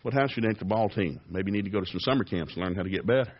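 Folksy husky-voiced preacher guy, lowish voice, asks questions and answers himself, dull lo-fi radio sound. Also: rapid-fire. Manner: folksy, humorous preaching with rhetorical questions and chuckles; plays out little dialogues, raising his voice for the voices of others. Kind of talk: sermon.

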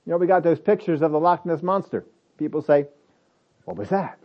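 A man's voice: fairly high pitch, fairly even intonation, fast, dull audio. A man preaching a sermon, emphatic and repetitive, asking rhetorical questions of his listeners.

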